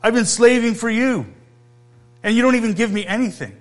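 A man acting out a resentful grown son who refuses to come in, complaining loudly and whining. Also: very high voice, fairly quick, voice pushed up. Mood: indignant. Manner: loud, whiny complaining. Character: resentful grown older brother, indignant and sulking.

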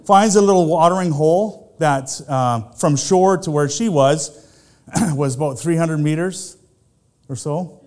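Man, pastor, middle-aged, somewhat high voice, conversational sermon, rhetorical questions. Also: a little mellow.

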